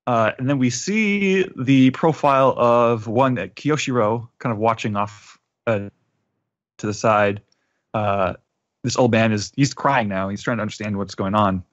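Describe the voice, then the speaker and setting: A man's voice: medium pitch, unhurried. A man hosting a podcast, narrating a scene in casual chat. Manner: narrating a scene with quoted lines. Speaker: podcast host. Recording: dull lo-fi podcast audio.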